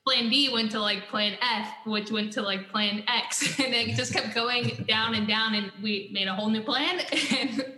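Chatty woman guest, bright crisp tone, echoey video-call sound. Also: fairly high pitch, measured pace. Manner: chatty, laughing storytelling.

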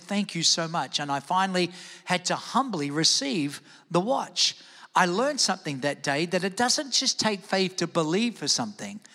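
A man preaching a lively sermon to his church, calling on the congregation to shout back. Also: high-pitched, big-room sound. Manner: energetic preaching, calls on the crowd to shout back. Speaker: pastor. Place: large church service.

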